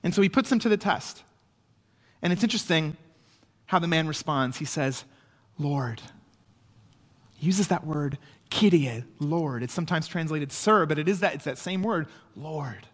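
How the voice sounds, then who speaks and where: A man's voice: on the high side, expressive, normal speed, in a large hall. A man preaching a sermon in a conversational way, often checking in with his listeners. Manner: conversational preaching with frequent "right?" asides. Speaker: pastor.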